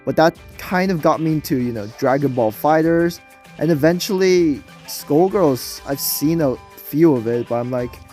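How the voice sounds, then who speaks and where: A man's voice: a little high, normal speed, dark tone, soft background music. A young man with a nasal voice talking casually about a mobile game he plays, hesitant and rambling, with many fillers and restarts. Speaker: gaming video creator. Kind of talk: casual gameplay commentary.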